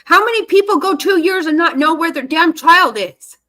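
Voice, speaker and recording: A woman's voice: very high-pitched, lively intonation, normal speed, bright, forceful tone. A woman giving casual reaction commentary on a court case, indignant and swearing freely as she talks back at the screen. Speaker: true-crime commentary host.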